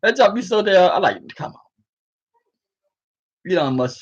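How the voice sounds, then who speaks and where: A man's voice: high-pitched, sing-song, normal speed, breathy edge. Sleepy man rambling, muffled recording. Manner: rambling, chuckling, slangy. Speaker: vlogger. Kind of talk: rambling casual monologue.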